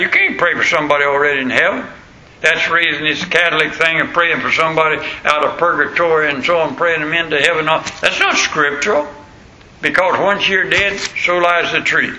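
A man's voice: fairly high pitch, vocal fry, sharp tone. A man preaching a sermon as pastor, emphatic, repeating phrases for stress. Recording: roomy echo.

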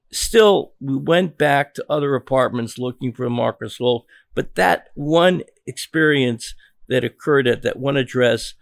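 Older American male journalist, gravelly, halting storyteller, dry close mic. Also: mid-range voice, dry recording. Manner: halting, repeats words and restarts. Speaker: journalist guest. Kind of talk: interview storytelling.

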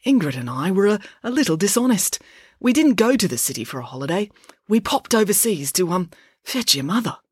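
A woman's voice: medium pitch, big pitch swings, a little fast, breathy edge, dry recording, clean studio sound, pitched above the performer's own voice. A woman voicing a flustered father who speaks hesitantly and apologetically in a storybook reading. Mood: sheepish.

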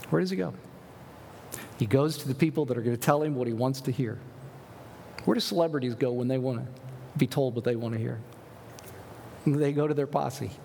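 A male pastor giving an animated sermon, asking rhetorical questions and reading scripture aloud. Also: on the high side, long reverb tail, a little hiss or hum.

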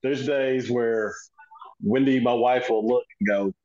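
A man's voice: on the low side, steady tone, normal speed, a little mellow. Middle-aged man, emphatic, dull lo-fi sound. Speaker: podcast co-host. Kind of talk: casual chat.

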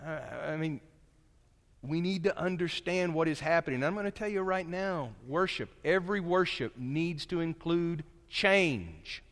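A man delivers a sermon in a fairly high voice that carries a long echo through a large hall. He drops into low, quiet asides, then climbs back up to loud, emphatic points. His delivery stays dynamic and engaged with the congregation. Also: expressive, measured pace. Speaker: preacher. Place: church sanctuary.

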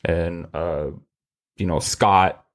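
A man's voice: low voice, steady tone, extremely slow. A man hosting a podcast, talking in a rambling, profane way with many restarts. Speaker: podcast host. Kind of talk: casual chat.

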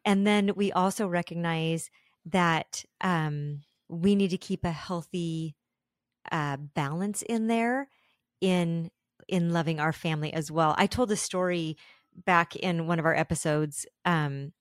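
A woman co-hosting a faith podcast, speaking calmly and reflectively. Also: lowish voice, measured pace, no echo, clean studio sound. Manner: calm and reflective, with some fillers. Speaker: podcast co-host. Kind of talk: casual faith podcast chat.

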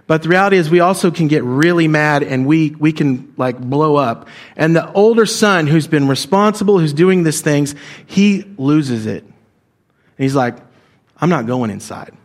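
A man's voice: fairly high pitch, animated, normal speed. A male pastor preaching a sermon in a conversational way, often asking the congregation direct questions.

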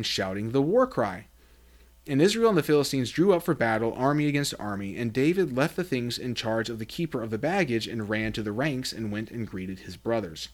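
A man hosts a Bible study podcast, reading scripture aloud and explaining it. He acts out the quoted lines with big jumps in pitch.

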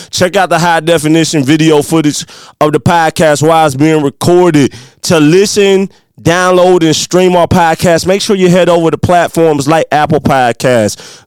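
A man's voice: a little high, smooth, dry recording. A young man with a Midwestern country accent hosting a motivational podcast, preaching to his listeners in a hyped, upbeat way. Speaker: podcast host.

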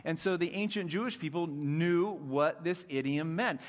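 A young adult man preaching a sermon as pastor, animated, dropping to soft intimate tones at times. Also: a little high, normal speed.

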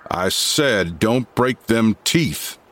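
A man voicing a menacing frontier gambler who speaks in a slow, ominous drawl. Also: medium pitch, lively intonation, fairly bright tone.

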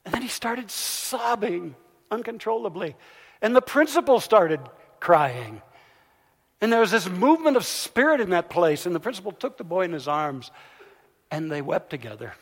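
A man giving a sermon, telling a story as he swings from loud, emphatic peaks down to soft, hushed lines. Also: sits high, sing-song, normal speed, breathy edge. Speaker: pastor. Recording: long hall reverb.

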